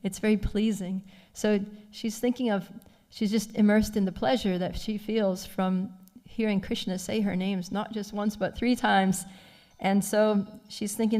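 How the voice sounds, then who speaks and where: A woman giving a devotional scripture class, retelling a story with animated feeling and frequent soft laughs. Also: medium pitch, unhurried, in a large hall. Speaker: class speaker. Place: temple class.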